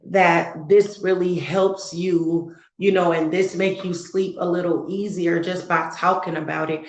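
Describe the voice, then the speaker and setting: A woman's voice: on the low side, fairly even intonation, a little slow, echoey room, poor audio. A woman co-hosting a casual heart-to-heart talk as a mother, earnest and growing fervent and preachy, repeating words for emphasis. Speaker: co-host, mother.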